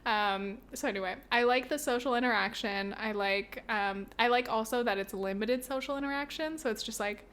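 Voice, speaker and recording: Chatty woman podcast host, higher voice. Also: moderate pace, hardly any pauses, fairly bright tone. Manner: swears often, laughs, acts out little scenes with sound effects. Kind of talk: casual chat.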